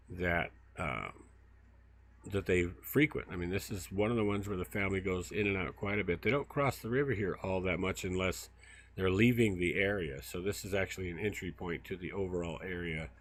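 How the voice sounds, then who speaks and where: Guy with a really low voice chatting on a livestream outside in the brush, lots of ums. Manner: rambling storyteller, many fillers. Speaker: field researcher and livestream host. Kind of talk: casual walk-and-talk livestream. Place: outdoors in brushy woods by a river.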